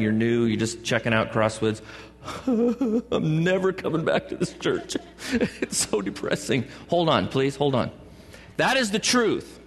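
A man preaching a sermon as a pastor, with playful asides and jokes. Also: mid-range voice. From California. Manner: joking asides and playful put-on voices. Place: church sanctuary. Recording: long church hall reverb.

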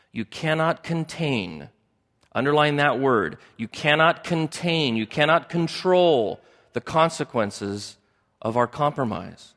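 A man's voice: mid-range voice, gravelly, fairly bright tone, big-room sound. A man preaching a sermon as pastor, emphatic and repeating key phrases for stress.

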